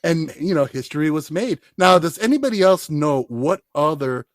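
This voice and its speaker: Lively podcast host man, dry sound. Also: fairly high pitch, moderate pace, no echo. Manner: storytelling, hesitant with many fillers. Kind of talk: casual podcast chat.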